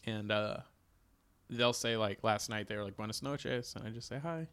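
A man's voice: lowish voice, normal speed, a bit bright, smooth. A man in casual podcast chat, laid-back and wry, swearing now and then.

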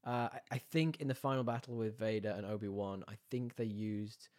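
A man's voice: lowish voice, fairly even intonation, a little fast, darkish tone. A man chatting casually on a podcast. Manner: enthusiastic, talks through ideas with fillers. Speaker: podcast co-host. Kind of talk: casual chat.

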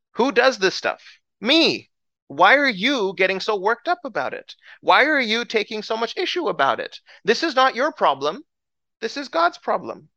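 A preacher voicing a dry, unbothered male prophet who scolds a panicking king with rapid questions. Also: extremely high pitch, vocal fry, sharp tone, dry recording, pitched above the performer's own voice, full character voice.

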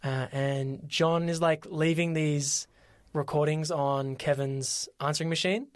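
Animated podcast co-host, dry close mic. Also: mid-range voice, a little slow, no room sound. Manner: animated storyteller, lots of fillers and quoted voices. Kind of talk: casual chat.

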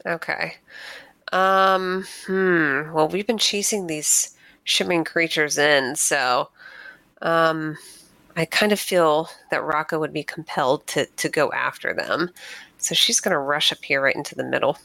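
Bright-voiced woman playing a tabletop game. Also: sits low, a little slow, gravelly, no room sound. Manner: thinks aloud, fillers, self-corrections. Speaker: player. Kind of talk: casual tabletop play.

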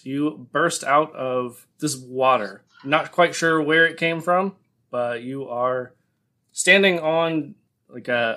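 A man running a tabletop game as game master, narrating slowly between giggles. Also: mid-range voice, pushed and bright.

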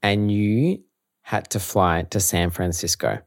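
A man co-hosting a podcast, asking questions in a relaxed, casual way. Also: lowish voice, slow, dry recording, studio quality. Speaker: podcast co-host.

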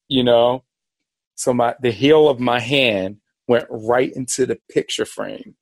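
A man hosting a podcast, telling a personal story in a rambling, animated way and acting out the voices of people in it. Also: mid-range voice, normal speed, dry recording. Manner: animated, rambling, acts out quoted dialogue. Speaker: podcast host. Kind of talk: casual storytelling.

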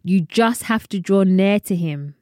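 A woman's voice: medium pitch, measured pace, mellow, dry recording, studio quality. A young woman hosting a faith podcast, chatty and earnest, often wandering off topic. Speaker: podcast host. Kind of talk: personal faith talk to listeners.

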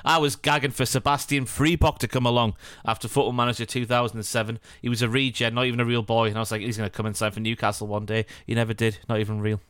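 A man's voice: medium pitch, steady tone, fast, hardly any pauses, fairly bright tone, clean tone, no echo, studio quality. A young adult man co-hosting a podcast in casual, jokey, self-deprecating banter. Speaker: podcast co-host. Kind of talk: casual chat.

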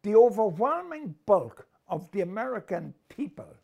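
A man's voice: sits high, big pitch swings, moderate pace, vocal fry, darkish tone. An older man giving emphatic, opinionated rugby commentary in a casual discussion, full of rhetorical questions. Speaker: rugby pundit.

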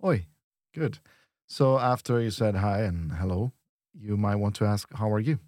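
A man teaching on a lesson podcast, modelling words slowly and patiently. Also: on the low side, darkish tone, dry recording, studio quality. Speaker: language teacher.

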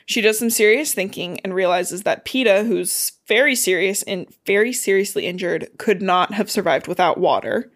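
A woman's voice: mid-range voice, moderate pace, few pauses. A woman co-hosting a podcast, casually recapping a book chapter with lots of fillers and swearing. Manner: chatty, swears freely, lots of "like" and "um".

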